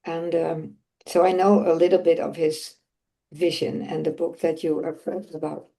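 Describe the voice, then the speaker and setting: A woman's voice: low-pitched, level tone, moderate pace, gravelly, dark tone. A woman in a discussion group, speaking hesitantly and using many fillers. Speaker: group member.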